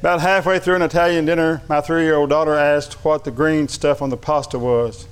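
A man's voice: a little high, steady tone, fairly quick, clean tone. A man preaching a sermon, reading funny anecdotes aloud and laughing along, then turning earnest. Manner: shifts between light storytelling and earnest preaching.

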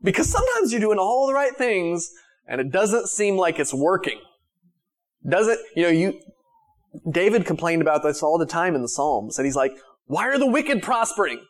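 A man with a slightly high voice delivers a sermon to his congregation. He talks casually, full of fillers and restarts, and moves from raised, emphatic lines to hushed, gentle ones. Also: sing-song, moderate pace. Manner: conversational preaching with restarts and fillers. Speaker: pastor.

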